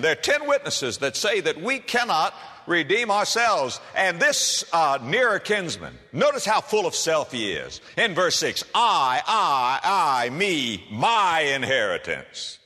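Animated preacher man, folksy and lively. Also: fairly high pitch, moderate pace, breathy edge. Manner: folksy storytelling with humor; addresses listeners as friend and folks. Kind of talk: sermon. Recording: reverberant hall.

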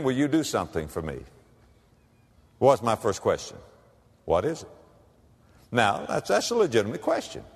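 A pastor delivering a sermon. He swings from hushed asides to emphatic lines and acts out the people in his stories. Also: fairly high pitch. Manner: plays out little scenes in the voices of the people in his stories. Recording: long reverb of a large hall.

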